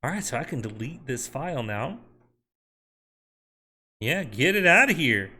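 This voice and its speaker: Brief: man live-coding on stream, unhurried, bright voice, thinks out loud to his chat. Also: mid-range voice, very animated, husky. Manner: talks to chat and himself while working.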